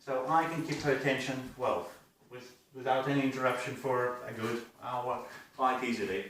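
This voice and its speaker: A man's voice: mid-range voice, steady tone, normal speed, a bit bright. Echoey, distant male dog trainer. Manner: short firm commands mixed with frequent praise. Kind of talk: live dog-training demonstration with commentary. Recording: very echoey, distant mic, clear background noise.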